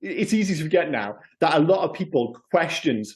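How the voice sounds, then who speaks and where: Guy on a film podcast, keen and rambly, kinda high voice. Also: lively intonation. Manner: enthusiastic, rambling, quick asides. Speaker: podcast co-host. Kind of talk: casual film chat.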